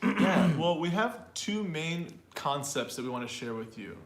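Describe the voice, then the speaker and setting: A male language teacher hosts an online pronunciation lesson, loose and chatty with fillers and small laughs, repeating example phrases aloud to demonstrate their sound. His voice is fairly high with lively intonation and a measured pace. The sound is roomy with a little hiss or hum.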